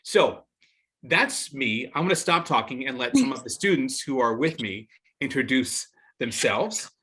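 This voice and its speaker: A middle-aged man hosting an online event over a video call. His voice sits at a medium pitch. He speaks in a measured, welcoming way. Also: big pitch swings, a bit bright. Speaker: alumni event host.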